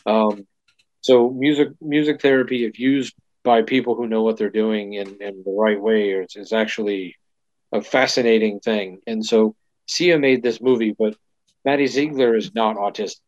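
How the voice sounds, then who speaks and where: A man's voice: on the low side, fairly even intonation, normal speed, darkish tone, no echo. A man co-hosting a casual chat, rambling with lots of fillers and restarts. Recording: dull lo-fi dry sound.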